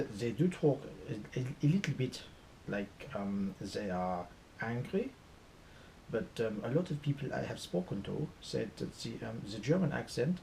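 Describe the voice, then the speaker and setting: A man putting on a stereotyped German accent, speaking in a stiff, clipped, halting way. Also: mid-range voice, vocal fry, mellow, slight background noise, low-quality recording.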